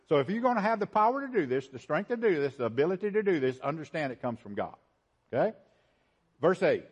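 Lively, emphatic preaching man. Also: brisk, breathy edge, dull audio. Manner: emphatic preaching with repeated phrases; swings from loud high emphasis to low quiet asides. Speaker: pastor. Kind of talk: sermon.

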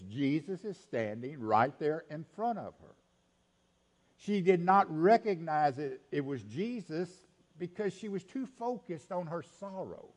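Preacher guy, lively up-and-down delivery, goes loud then hushed, repeats himself a lot. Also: mid-range voice. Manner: animated preaching, swings between loud emphasis and hushed quoted lines, repeats phrases. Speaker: pastor. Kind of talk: sermon.

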